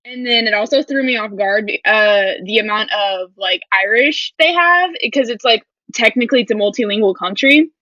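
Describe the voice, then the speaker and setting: A woman's voice: medium pitch, moderate pace, few pauses, sharp tone, no echo. Young woman, study abroad alumna, casual chat, hesitant fillers, dry dull call audio. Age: young adult. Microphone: video call.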